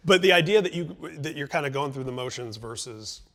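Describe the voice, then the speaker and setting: A man's voice: mid-range voice, expressive, brisk, fairly bright tone. A middle-aged man hosting a conversational interview, speaking in long, reflective turns. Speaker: interview host.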